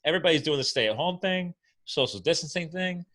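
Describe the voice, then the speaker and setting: A man hosting a podcast interview, chatting casually and playfully, jumping up in pitch when he jokes. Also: fairly quick. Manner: animated, playful, jumps up in pitch when joking. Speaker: podcast host. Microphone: video call.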